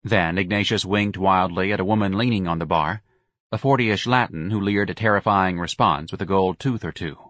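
Low-voiced male audiobook narrator. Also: normal speed, a bit bright, dry recording, studio quality. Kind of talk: scripted narration.

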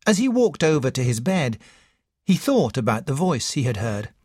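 An audiobook narrator reading a story in a measured, expressive way. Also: medium pitch, breathy edge, dry recording. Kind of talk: scripted narration.

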